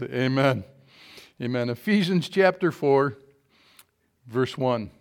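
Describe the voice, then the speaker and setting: A man's voice: on the high side, moderate pace. A man preaching in a church, telling folksy jokes and reading scripture with rising force. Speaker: pastor. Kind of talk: sermon with jokes.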